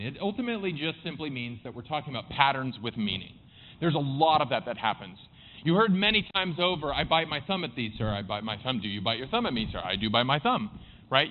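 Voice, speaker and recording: A man's voice: on the high side, slight background noise. A man giving a playful conference talk from a stage, joking with the audience. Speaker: conference speaker. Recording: dull lo-fi conference recording.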